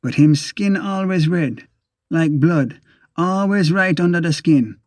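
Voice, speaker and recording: A man's voice: on the high side, slow, darkish tone, no echo. A man narrating an audiobook in first person, with a rhythmic, repeating delivery. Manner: rhythmic, repeating sound words.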